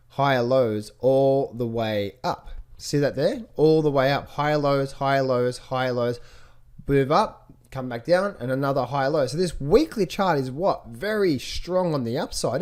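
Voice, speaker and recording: A man giving a screen-share lesson on reading stock charts, repeating himself and asking rhetorical questions as he points things out. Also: a little high. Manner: rhetorical questions, repetitive, animated. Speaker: trading educator.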